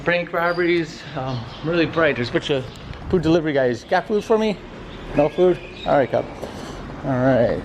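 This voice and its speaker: A man's voice: a little high, animated, normal speed. A man vlogging casually as he walks around a city, chatty, rambling and self-mocking. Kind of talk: casual vlog chat. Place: outdoors in a city, walking about. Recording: noisy street recording.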